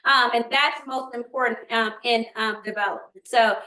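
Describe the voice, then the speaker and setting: Older woman, workshop presenter, high bright voice, animated, echoey room. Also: moderate pace. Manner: animated, asks the audience questions, acts out quotes. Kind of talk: live presentation to parents. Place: meeting room.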